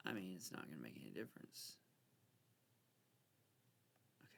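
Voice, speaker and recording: Excitable gravelly man playing solitaire. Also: rumbling low, moderate pace. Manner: excitable, bickering with himself, mock-frightened. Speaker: channel host playing solitaire. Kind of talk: casual gameplay commentary.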